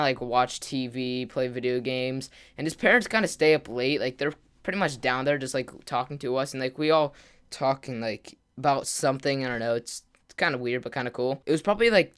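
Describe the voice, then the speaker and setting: Here a gaming vlogger rambles through a casual storytime for his camera, leaning on "like" and "kinda" and quickly acting out what his friends said. His mid-range voice is smooth and a bit bright.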